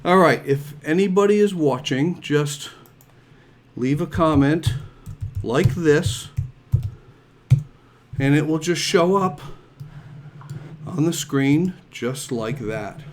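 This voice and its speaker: A man's voice: on the high side, lively intonation, takes it slowly, pauses often, a little hiss or hum. A man hosting his own live show from home, chatting casually and upbeat, a little out of breath, repeating himself as he goes. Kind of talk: casual live-stream chat.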